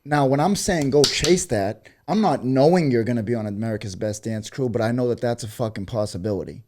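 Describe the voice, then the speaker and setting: A man's voice: medium pitch, fairly quick, warm tone. A man, a graffiti artist, talking in a casual podcast and speaking emphatically with conviction, swearing freely.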